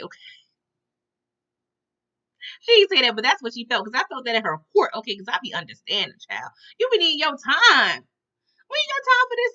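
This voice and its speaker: A woman giving a casual TV episode recap, animated and slangy, often checking in with "okay?" and "y'all". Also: on the high side, dull audio. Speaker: TV recap reviewer.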